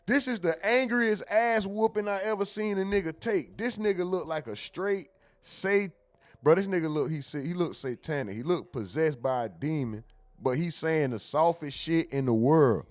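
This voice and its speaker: A man's voice: fairly high pitch, moderate pace. A man hosting a show, casually commenting on viral clips, often laughing and mimicking what he hears. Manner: laughing, joking, mimics clip lines. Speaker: show host reacting to clips.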